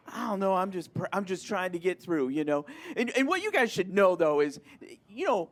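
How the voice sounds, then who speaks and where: A man from Michigan works through a stand-up set in a flamboyant, self-mocking way. His voice leaps around with lively pitch, from squeaky punchlines down to mumbled asides. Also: brisk, hardly any pauses. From Michigan, USA. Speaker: stand-up comedian.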